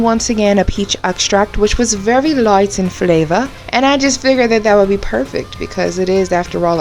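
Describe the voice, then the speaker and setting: Chatty woman hosting a baking tutorial. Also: mid-range voice. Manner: chatty, bubbly, talks straight to viewers. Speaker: baker and cake channel host.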